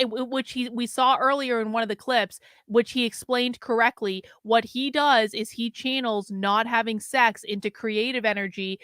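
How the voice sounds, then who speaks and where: A woman hosting a casual reaction show, chatting in quick, gossipy asides. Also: on the high side, fairly bright tone, clear, resonant tone, dry recording, clean studio sound. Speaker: host reacting to clips.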